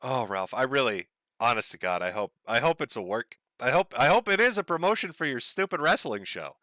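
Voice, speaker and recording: A man's voice: medium pitch, very animated, a little fast, sharp tone, no echo. A man from the United States hosting a casual livestream, talking in a profane, sardonic way and chuckling often. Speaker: livestream host.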